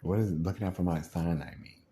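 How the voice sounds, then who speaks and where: Guy ranting to camera, super low dark voice, keeps doing little voices of people. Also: brisk. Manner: animated, acts out quoted voices, frequent laughs; rambling, frustrated. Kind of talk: casual venting monologue.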